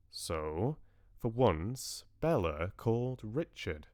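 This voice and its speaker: A man reading a novel aloud on a livestream in a measured, expressive way. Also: lowish voice, no room sound, studio quality. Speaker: book club host reading aloud. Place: home livestream.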